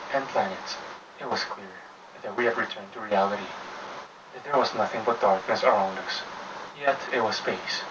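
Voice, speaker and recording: Man, horror story narration, measured delivery, low voice, distant mic, background hiss.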